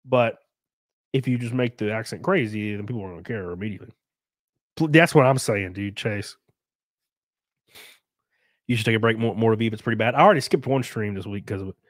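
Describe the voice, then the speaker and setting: A man's voice: lowish voice, brisk, pauses often, no room sound. A man hosting a casual livestream while sick, chatting loosely with viewers, swearing and trailing off mid-thought. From United States. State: sick, congested. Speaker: livestream host. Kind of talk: casual livestream chat reading viewer comments.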